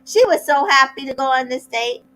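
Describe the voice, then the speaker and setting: A woman's voice: high voice, lively intonation, a bit bright, poor audio. Sassy, opinionated woman recapping. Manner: chatty and opinionated, with sassy asides; acts out cast members' lines in quick voices. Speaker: recap host. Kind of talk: casual reality TV recap.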